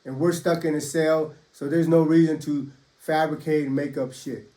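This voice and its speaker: A man's somewhat high voice recounts his own prison days in loose, easygoing storytelling. His talk is full of swearing and street slang, with constant "you know" fillers. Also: level tone, normal speed, dark tone. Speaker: former federal prisoner telling his stories. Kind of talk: casual first-person storytelling.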